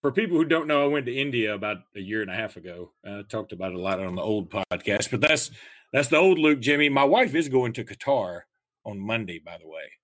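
A man's voice: on the low side, animated, fast, fairly bright tone, dry recording. A man hosting a podcast, rambling in a wry, casual way about betting, travel and holidays. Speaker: podcast host. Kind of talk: casual chat.

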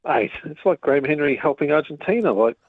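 A man's voice: on the high side, animated, fairly quick, slight background noise. A man calling in to a radio show, chatting in a friendly, rambling way over the phone. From Australia. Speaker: caller. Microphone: telephone. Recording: husky phone line.

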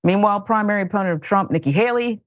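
A woman's voice: mid-range voice, quick pace, no room sound, clean studio sound. A woman hosting a news talk show, giving opinionated and sarcastic commentary. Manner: animated, exasperated, sarcastic. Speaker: host.

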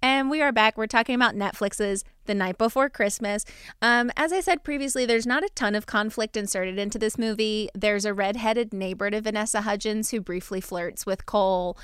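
A woman hosting a casual movie podcast, wry and quick to laugh. Her voice is smooth and even, and the recording is dry and close. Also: mid-range voice, no room sound. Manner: wry, laughs often, runs the segments. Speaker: podcast host. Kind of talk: casual movie recap chat.

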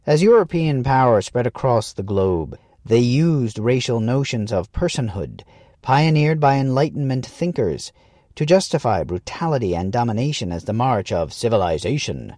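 A man narrating a scripted essay in a measured, earnest way, leaning into quoted lines. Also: mid-range voice, sing-song, darkish tone, no echo, studio quality.

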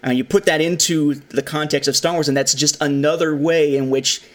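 Animated man hosting a film chat. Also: a little high, moderate pace. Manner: animated, acts out quoted lines. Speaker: podcast host. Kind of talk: casual film discussion.

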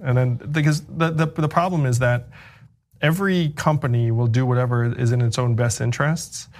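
Guest candidate, male, casual and talky, fillers and restarts, middle pitch. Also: moderate pace, a little mellow. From United States. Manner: loose and chatty, many fillers and restarts. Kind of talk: casual interview answers.

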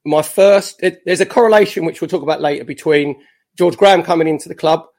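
A man in his fifties, a former footballer, telling lively anecdotes as a podcast guest with self-mocking jokes. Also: fairly high pitch, fast talker.

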